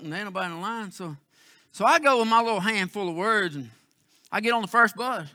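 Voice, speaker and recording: A man preaching a sermon as pastor, telling a story with emphatic, then hushed, emotional delivery. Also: sits high, lively intonation, fast, no echo, clean studio sound.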